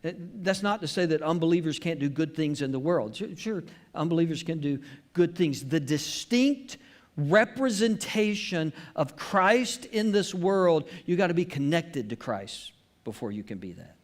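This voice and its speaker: A man's voice: on the high side, expressive, a little slow. A man preaching a sermon as pastor at a church service, earnest and emphatic, repeating his key phrases.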